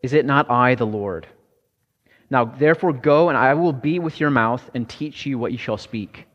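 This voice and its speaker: A man giving a sermon in a relaxed, conversational way, stumbling into restarts now and then. His voice sits at an ordinary pitch and rings out with a long reverb. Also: dull audio. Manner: conversational, halting with restarts and fillers. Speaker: pastor.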